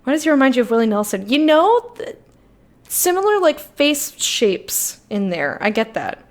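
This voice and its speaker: A woman's voice: a little high, big pitch swings, normal speed. A young woman streaming a game, chatting casually and giggling often. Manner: bubbly, giggly, gushing. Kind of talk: casual live-stream chat while playing a game.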